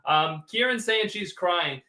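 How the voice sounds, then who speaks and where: A man's voice: high-pitched, lively intonation, slow pace, sharp tone. A man hosting a postgame sports livestream, reading viewers' chat and ranting in an exasperated, sarcastic way. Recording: roomy echo.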